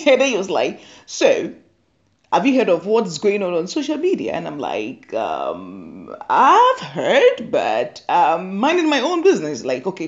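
A woman's voice: on the low side, highs cut off. A woman doing a casual comic monologue, teasing and laughing often, repeating her phrases. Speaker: comedy monologue host.

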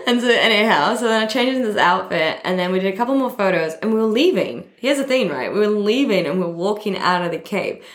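A woman hosting a podcast, telling a story in a bubbly, excitable way and laughing often. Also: medium pitch, fast, few pauses, roomy sound. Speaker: podcast host. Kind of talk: casual storytelling chat.

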